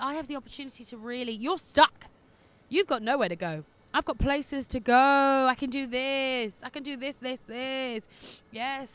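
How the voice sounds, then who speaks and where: Woman, twenties, podcast host, sassy, fairly high voice, chatty advice, outdoors. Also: fairly bright tone. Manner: cheeky, sassy, laughs often. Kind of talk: casual agony-aunt chat reading letters. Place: outdoors in windy streets.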